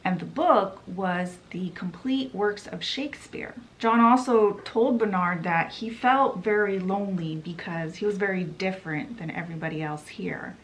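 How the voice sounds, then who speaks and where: A woman's voice: mid-range voice, moderate pace, few pauses, a little hiss or hum. A woman who runs a book vlog, giving a chatty, casual book summary and putting on voices for the quotes. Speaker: book vlogger.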